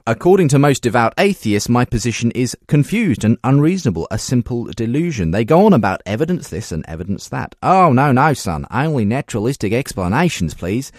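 A man's voice: medium pitch, big pitch swings, fairly quick, hardly any pauses, no room sound, clean studio sound, voice pushed up. A man putting on a brash Australian bloke. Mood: mocking, indignant. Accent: put-on Australian. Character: brash Australian man reading his own email.

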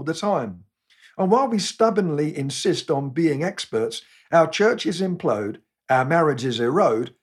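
An English man preaching with dry, self-mocking humour, his husky voice sitting a little high. He moves through his stories at a measured, wry pace. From England. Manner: wry, self-deprecating storytelling. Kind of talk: scripted sermon talk with humorous anecdotes.

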